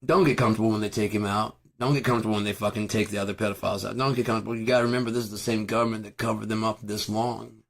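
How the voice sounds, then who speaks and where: A man vlogging at home in a profane, rambling monologue. His voice is raspy and hoarse from screaming. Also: on the low side, steady tone, rapid-fire, few pauses. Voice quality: raspy, gravelly. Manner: profane, ranting, with bursts of loud shouting.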